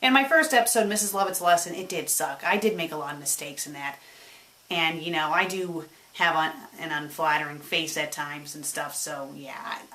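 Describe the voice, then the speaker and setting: Her voice sits low and her pace is moderate as she answers questions from her web show's audience in a casual vlog. She talks animatedly, her mood shifting between excited and subdued, and stumbles lead her to repeat words.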